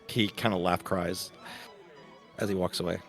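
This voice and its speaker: A man's voice: low voice, fairly even intonation, moderate pace, soft background music. A man narrating as game master of a tabletop game, laid-back and hesitant, full of ums.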